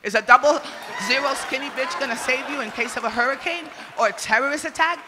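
A woman from the Republic, doing a crude, loud stand-up comedy set and shouting her punchlines. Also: sits high, quick pace, a crowd in the background, background noise. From Dominican Republic. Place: comedy stage before an audience. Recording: reverberant live venue, faint ambience.

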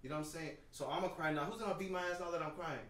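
A man's voice: a little high, steady tone, very fast, fairly bright tone, roomy sound, far from the mic. A man co-hosting a podcast, talking candidly and emotionally, swearing freely and often adding "you know what I'm saying". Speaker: podcast co-host.

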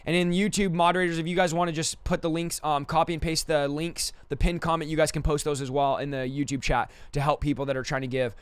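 A man hosting a livestream, quickly thanking donors and stumbling over names, a little out of breath. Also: a little high, flat delivery, clean tone, dry recording. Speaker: livestream host.

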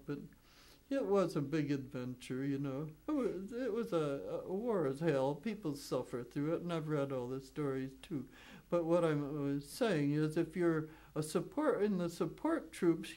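A woman in her nineties telling wartime stories in an oral history interview, chuckling often and wandering through restarts and fillers. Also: low-pitched. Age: 90s. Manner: chuckles often while telling lively anecdotes; rambling with frequent restarts and fillers. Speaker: WWII veteran interviewee.

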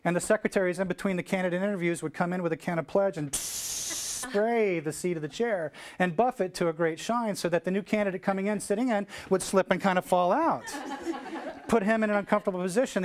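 Animated man telling a stage story. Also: high-pitched, fast. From United States. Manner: animated storyteller acting out dialogue, shouting cheers. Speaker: keynote speaker. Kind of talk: storytelling keynote speech.

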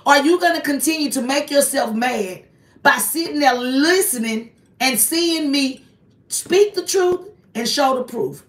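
A woman with a high voice runs a confrontational live stream, pressing one target with repeated accusing rhetorical questions in a preachy tone. She sits back from the mic, and the room around her sounds echoey. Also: a little slow. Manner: preachy, invokes God. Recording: roomy echo, voice distant from the mic.

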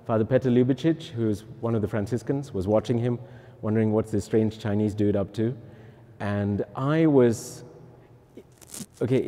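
A middle-aged man, a priest, giving a personal testimony in lively storytelling style with self-mocking humorous asides. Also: mid-range voice. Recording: echoey hall.

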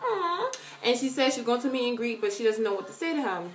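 A woman chatting to camera in an animated way, answering viewer questions and calling her viewers girl. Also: on the high side, quick pace, roomy sound, music in the background. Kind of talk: casual chat to camera.

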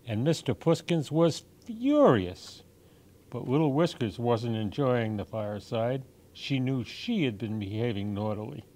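A man reading picture books aloud for children in a gentle, expressive storytime manner. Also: mid-range voice. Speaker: storytime reader.

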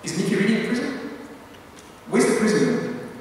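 A man's voice: sits high, big pitch swings, normal speed, a little hiss or hum. A man giving a conversational youth talk at church, who keeps asking his listeners whether they follow and often repeats words as he restarts a sentence. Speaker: youth meeting speaker. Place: church hall. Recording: very echoey hall, voice picked up from a distance.

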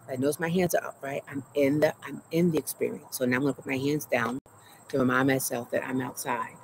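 A woman's voice: rumbling low, steady tone, fast. A woman therapist hosting her show outdoors in her garden, telling her own trauma story in an earnest, emotional way. She stops to breathe and keeps checking in with "right?". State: anxious, heart racing while retelling. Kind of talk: personal trauma story mixed with teaching. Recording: outdoor recording with loud cricket noise. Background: crickets and insects.

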